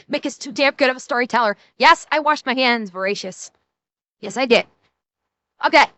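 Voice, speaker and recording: Bright, high-voiced woman streamer. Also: moderate pace, no echo. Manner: joking, swears freely, laughs often. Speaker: streamer reacting to a video. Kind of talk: casual live-stream commentary.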